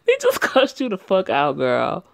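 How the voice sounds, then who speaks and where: A woman's voice: on the low side, huge pitch swings, unhurried, vocal fry. A woman reading her own story aloud with casual, swearing asides. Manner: profane, offhand asides. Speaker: story reader.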